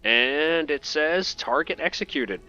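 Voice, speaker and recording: A man's voice: a little high, lively intonation, takes it slowly, bright, forceful tone, highs cut off. A man giving casual, joking commentary over gameplay and talking back to game characters. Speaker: gaming video host.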